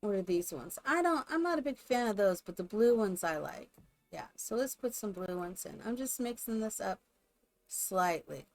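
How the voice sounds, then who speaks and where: A woman's voice: mid-range voice, lively intonation, normal speed. A woman live streamer chatting casually and rambling to her viewers while she builds in a game. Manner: chatty, rambling, talks to chat.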